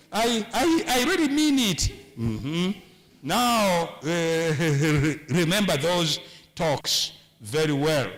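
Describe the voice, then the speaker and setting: A man's voice: on the high side, a bit bright. A man preaching a humorous sermon on marriage in a church, with a Ugandan English accent, often repeating and stumbling over words.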